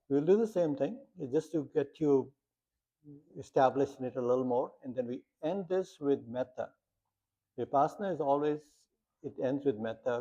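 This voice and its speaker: Guy leading a meditation talk, husky and a bit gravelly, muffled lo-fi sound. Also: mid-range voice, mellow. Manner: plain storytelling with rhetorical questions. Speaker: meditation teacher.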